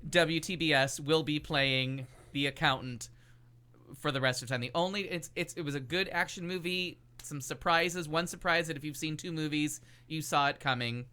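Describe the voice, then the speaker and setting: A man co-hosting a talk show talks movies in a loose, opinionated way, swearing casually and pausing on fillers. His voice has a bright, forceful edge. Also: fairly high pitch, clean tone. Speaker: podcast co-host. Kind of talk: casual chat reviewing movies.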